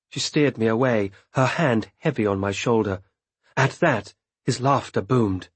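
A man narrating a story in a measured, expressive reading voice. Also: medium pitch, husky, no room sound. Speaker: audiobook narrator. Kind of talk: scripted narration.

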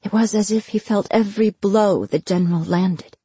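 A woman narrating a fantasy audiobook in a measured, steady way. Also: mid-range voice, breathy edge, dry recording.

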